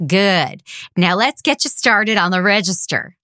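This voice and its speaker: Woman improvising a deadpan fast-food manager. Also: medium pitch, no echo, clean studio sound. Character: stern female fast-food shift manager. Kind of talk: improvised comedy scene. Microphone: video call.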